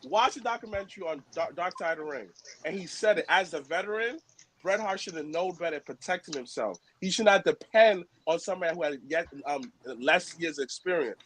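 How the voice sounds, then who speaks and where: Man, high-pitched, animated, profane, slangy, casual podcast chat. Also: a little fast, a little hiss or hum. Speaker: podcast co-host.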